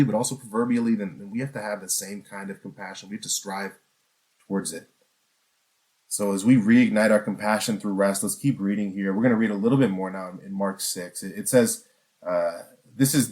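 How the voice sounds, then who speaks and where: A man's voice: on the low side, a little mellow. Earnest male preacher, conversational. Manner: earnest, conversational, with frequent restarts and rhetorical questions. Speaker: pastor. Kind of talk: sermon.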